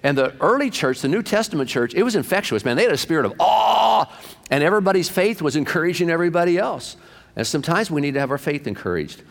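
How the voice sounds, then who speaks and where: A man's voice: on the high side, animated, fast. A middle-aged man, a pastor, telling stories in a folksy, chatty sermon style, often dropping "man" into his lines. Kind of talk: storytelling sermon. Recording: long hall reverb.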